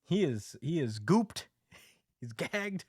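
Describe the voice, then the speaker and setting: A man's voice: on the high side, sing-song, slow, a little mellow, slightly rough, no echo, clean studio sound. A young man hosting a podcast, casually recapping a comic in a laid-back, slangy way with frequent laughs. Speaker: podcast host.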